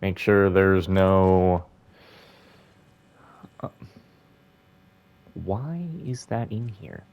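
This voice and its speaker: A man's voice: low-pitched, extremely slow, gravelly, darkish tone. A young man giving chatty, rambling commentary while playing a video game. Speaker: gaming YouTuber. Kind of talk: casual let's-play commentary.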